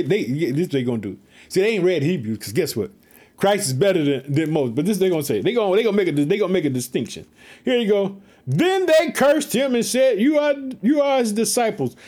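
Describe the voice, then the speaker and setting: Animated, high-voiced man preaching scripture. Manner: animated, talks straight to listeners, repeats phrases, casual slang; swings between raised, quick bursts and low, slow asides. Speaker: preacher reading and explaining scripture. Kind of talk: lively Bible reading with commentary.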